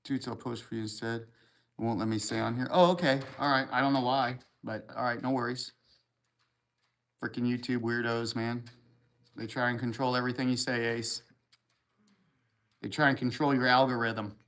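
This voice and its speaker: A male livestream host with a mid-range, fairly bright voice reads viewer comments aloud at a moderate pace, leaving long pauses. His intonation stays fairly even as he answers with crude, rambling jokes in laid-back chat.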